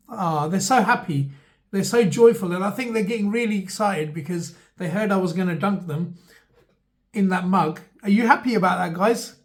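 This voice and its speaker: A man, talking to camera in a rambling, mock-earnest comic monologue with many fillers. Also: high-pitched. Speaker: vlogger.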